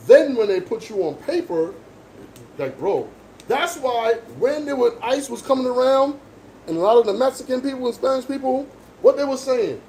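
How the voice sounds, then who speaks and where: A man with a fairly high voice holds forth in an emphatic, lecturing way during casual barbershop chat. The sound is roomy and echoing, with clear background noise from the shop around him. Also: animated, normal speed, darkish tone, recorded from a distance. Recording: echoey room with background noise.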